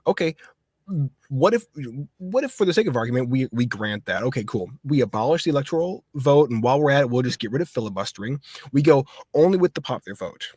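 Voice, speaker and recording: A man's voice: mid-range voice, sing-song, fast, a little mellow, husky, dry recording, studio quality. Rambling, heated male stream host. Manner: rambling and heated, with many restarts. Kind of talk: casual political chat on a livestream.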